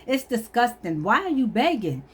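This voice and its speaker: A woman tells a personal story to camera in an animated, emphatic way. Her voice sits fairly high for a woman, and she laughs at herself as she goes. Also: moderate pace, breathy edge. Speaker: vlogger. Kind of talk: storytelling testimony.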